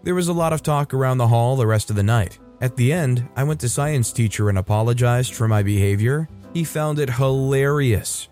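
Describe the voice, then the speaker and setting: A man narrating online stories in a steady, conversational reading voice. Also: medium pitch, normal speed, few pauses, soft background music. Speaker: story narrator.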